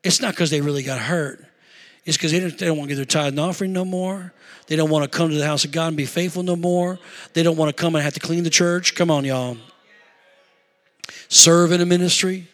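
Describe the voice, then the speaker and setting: A man's voice: fairly high pitch, steady tone, fast talker, fairly bright tone, in a large hall. A middle-aged man preaching a sermon as pastor, emphatic, with call-and-response asides to the congregation.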